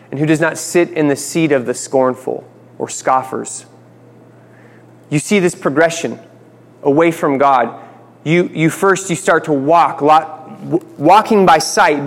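Man teaching the Bible in a reverberant hall. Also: on the high side. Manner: acts out dialogue with playful asides.

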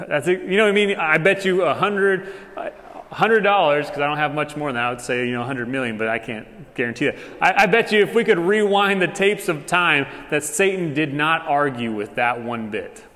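A man preaches in a relaxed, chatty way, full of fillers and quick asides. His voice sits a bit high for a man. The sound carries a long echo from a church hall. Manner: casual, conversational preaching with many fillers. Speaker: pastor. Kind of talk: sermon.

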